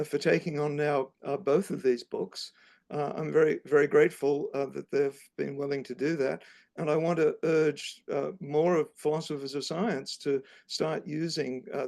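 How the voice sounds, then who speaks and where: An older man gives an academic talk over a video call. His voice runs fairly high for a man and has a strong gravelly fry. He speaks in a measured, halting way, with frequent "uh" pauses. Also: a little mellow. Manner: halting, measured, many fillers. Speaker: author and guest speaker.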